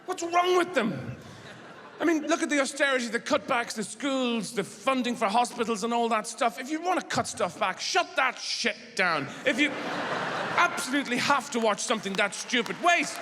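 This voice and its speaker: A middle-aged Irish man doing stand-up, rambling and halting, then bursting into shouted rants. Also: very high-pitched, expressive. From Ireland. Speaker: stand-up comedian. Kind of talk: stand-up comedy. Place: large theatre stage. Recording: live theatre with long reverb and audience noise.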